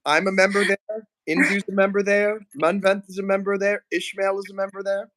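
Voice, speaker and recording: A man's voice: high voice, flat delivery, fairly quick, fairly bright tone. A man hosting a casual livestream, joking playfully and reading out chat comments. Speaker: livestream host.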